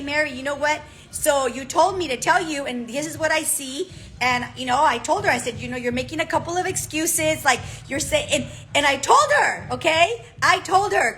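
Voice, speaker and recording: A woman coach giving a direct, animated motivational talk, often checking in with "okay?". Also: high-pitched, low-quality recording. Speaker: business coach.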